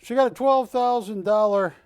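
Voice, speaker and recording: A man's voice: high voice, moderate pace, darkish tone, clean tone, no echo. A man hosting a live shopping-channel auction, bantering and calling out bids in a studio. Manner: jokey, chatty, calls bids and counts them down. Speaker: auction host.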